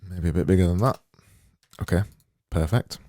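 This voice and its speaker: A man's voice: deep voice, normal speed, mellow, slight background noise. A man and graphic designer talking through his work as he goes, thinking aloud in a muttering, self-deprecating way. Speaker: graphic designer making visuals. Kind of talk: casual screen-recorded work commentary.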